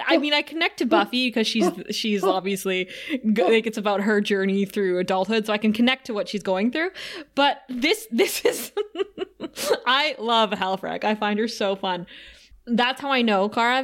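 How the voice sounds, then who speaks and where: A woman co-hosting a podcast in a casual recap chat, retelling scenes with lots of laughter and animated energy. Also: medium pitch. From outside the United States. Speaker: podcast co-host.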